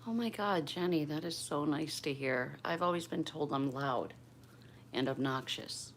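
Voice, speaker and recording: Speaking a little slowly in a deep voice, an older woman hosts a casual stream from her Bristol, Pennsylvania home. She chats quietly with viewers by name, and a small hiss or hum is audible.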